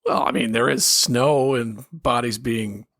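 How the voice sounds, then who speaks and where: A man's voice: medium pitch, measured pace, a bit bright, no room sound, studio quality. A man who is a guest on a film podcast, chatting casually and making wry jokes. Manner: wry, joking remarks with easy laughs.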